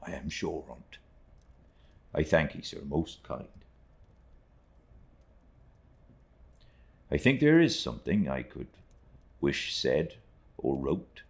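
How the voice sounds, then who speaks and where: A man's voice: rumbling low, big pitch swings, creaky, a little mellow, heavily acted. A man voicing Ham, a heartbroken young fisherman. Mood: humble. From Britain. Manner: rustic dialect speech, halting and plain. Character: young male fisherman, humble, heartbroken, earnest.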